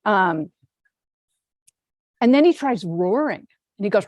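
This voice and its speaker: A woman, a Zen teacher, giving a dharma talk in an unhurried, gently amused storytelling manner. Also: medium pitch, animated, no echo, studio quality.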